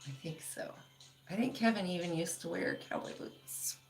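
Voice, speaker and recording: A woman's voice: on the low side, normal speed, creaky, faint music behind. A woman hosting a casual livestream, chatting loosely with lots of "like" and laughing often as she reads viewer comments. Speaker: livestream host.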